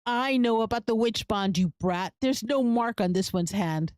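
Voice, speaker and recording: A woman's voice: fairly high pitch, animated, moderate pace, darkish tone, no echo, natural voice. A woman voicing Mister Dietrich, a greedy scheming male sorcerer-shopkeeper who threatens and curses, from a game. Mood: angry scolding. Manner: smug, threatening, cursing.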